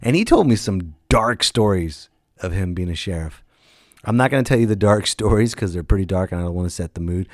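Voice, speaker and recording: A man with a fairly low voice hosts his own comedy podcast, spinning road stories in a loose, chatty monologue. He keeps breaking into loud, animated impressions of the people in them. The sound is close and dry, with no room around it. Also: brisk, no room sound. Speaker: podcast host and stand-up comedian. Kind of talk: casual storytelling monologue.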